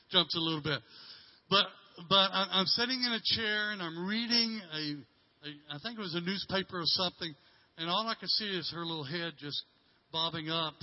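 A middle-aged male pastor telling a story in a sermon, halting and repeating words, dropping from loud to hushed. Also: fairly high pitch, dull audio.

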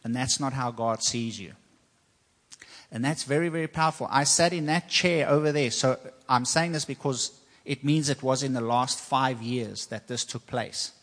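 A man's voice: mid-range voice, normal speed, a bit bright. Earnest male preacher in a reverberant hall. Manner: earnest, personal testimony with repetition. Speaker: pastor. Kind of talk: sermon.

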